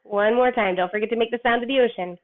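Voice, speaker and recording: Young woman, kids' yoga teacher, higher voice, encouraging and sing-song, thin phone-like recording. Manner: encouraging, slow and sing-song when cueing poses. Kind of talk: gentle yoga instruction and storybook reading for kids. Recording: tinny phone-like sound.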